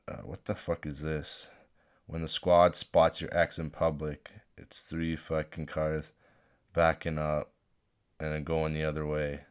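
Deep-voiced profane guy ranting. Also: clean tone. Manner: profane, rambling, with restarts. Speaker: podcast host. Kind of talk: unscripted solo rant. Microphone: phone.

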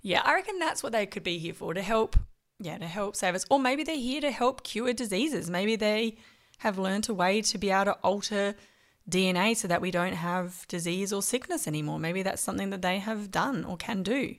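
A woman's voice: medium pitch, normal speed. A woman co-hosting a podcast, chatting casually and laughing often as she speculates. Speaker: podcast co-host. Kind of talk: casual chat.

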